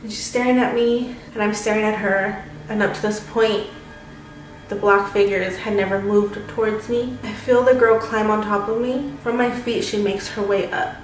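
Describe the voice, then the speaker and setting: A woman's voice: mid-range voice, steady tone, normal speed. Chatty young woman telling a scary story. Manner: chatty, dramatic storytelling with many fillers. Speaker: vlogger. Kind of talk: casual storytime. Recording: roomy, distant mic, faint noise.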